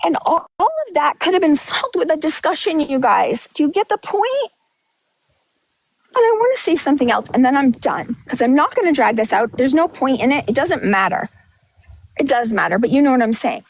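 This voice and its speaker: Talking a little fast in a high, animated voice, a woman hosts a livestream and speaks candidly and emotionally. She rambles, keeps restarting her thoughts, and sounds somewhat out of breath, all with no echo in the audio.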